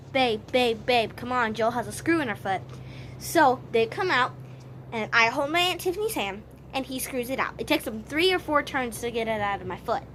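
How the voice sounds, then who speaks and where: A woman's voice: high voice, pushed and bright, a little hiss or hum. A woman vlogger telling a story casually to camera, rambling with many restarts.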